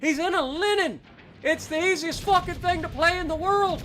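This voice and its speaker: A game livestreamer with a high, bright, cutting voice rants at teammates during live play. The talk is thick with swearing and biting sarcasm, and it keeps turning to address the chat directly. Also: normal speed, slight background noise. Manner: angry, profane ranting at teammates; heavy sarcasm. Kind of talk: live gameplay commentary.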